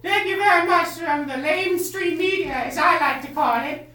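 A bumbling, boastful male candidate with a shrill, squeaky voice. He rambles and brags in improvised comedy style. The sound is roomy and echoing, picked up from well away from the mic. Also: moderate pace, sharp tone. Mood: blustering. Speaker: candidate at a press event. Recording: echoey room, distant mic.

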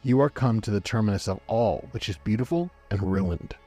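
A man's voice: fairly low pitch, moderate pace, warm tone, husky, soft background music. A man voicing the strong, ringing, mocking voice of a haunted underground vault in a storybook reading. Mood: sneering, beckoning. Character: booming sinister voice of a haunted vault.

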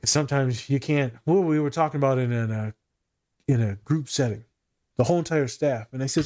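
A man's voice: medium pitch, brisk, darkish tone. A man who works as a therapist and hosts a podcast, talking in a blunt, profane, joking way. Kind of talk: casual podcast chat.

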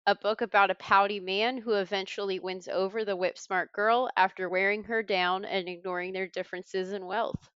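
Lady quizmaster reading clues, brisk and wry, smooth voice, kinda muffled lo-fi audio. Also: medium pitch, fairly even intonation, a bit bright, dry recording. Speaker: quiz host. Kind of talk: reading trivia clues on a podcast. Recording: slightly dull lo-fi sound.

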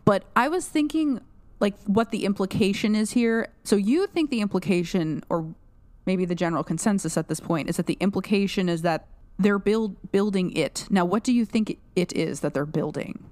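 A woman's voice: medium pitch, moderate pace, darkish tone, no room sound. A young adult woman co-hosting a casual podcast, picking apart a show in rambling, analytical talk full of restarts and "like". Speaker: podcast co-host.

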